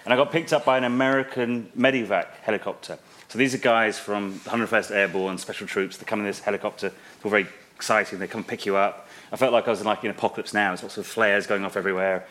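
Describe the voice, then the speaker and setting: A man's voice: lowish voice, fairly even intonation, fast, a bit bright. A man telling a story on a live stage in a dry, matter-of-fact way. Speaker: photographer guest.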